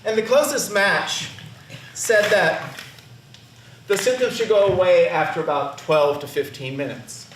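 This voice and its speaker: A man's voice: high-pitched, a little slow, a little hiss or hum. A man telling a personal story on stage, with wry, self-mocking humor. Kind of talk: live personal storytelling performance. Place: theater stage. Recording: roomy, distant stage recording.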